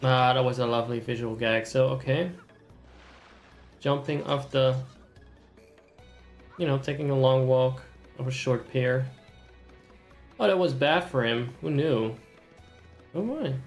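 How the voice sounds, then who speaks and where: A man's voice: medium pitch, fairly even intonation, unhurried, long pauses, faint music behind. A young man streaming a game, reading its dialogue aloud in voices and adding wry, sardonic commentary.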